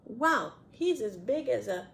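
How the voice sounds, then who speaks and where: A woman's voice: fairly high pitch, expressive, a little slow, gravelly, a bit bright. A woman reading a picture book aloud to children, stopping often to chat and ask the young listeners questions. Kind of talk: children's read-aloud with chatty commentary.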